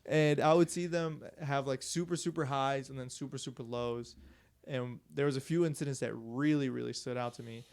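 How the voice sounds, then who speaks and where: A man's voice: medium pitch, steady tone, normal speed. A man co-hosting a casual podcast, telling a story loosely and profanely with lots of "like" and laughter. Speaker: podcast co-host.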